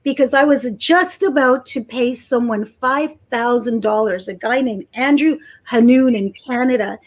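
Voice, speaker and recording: A woman guest telling a personal story in a casual chat, animated and acting out what people said. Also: on the high side, normal speed, poor audio. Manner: animated storyteller, acts out quotes.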